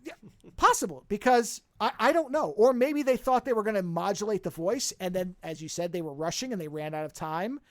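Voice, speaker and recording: A podcast co-host in casual chat, talking in an animated, rambling way with frequent restarts. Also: medium pitch, a little fast, no echo, clean studio sound.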